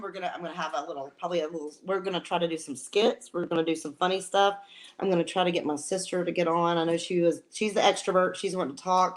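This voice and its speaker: A woman co-hosting a casual live-stream chat from home, talking in an emotional, rambling way with many restarts. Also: lowish voice. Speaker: co-host.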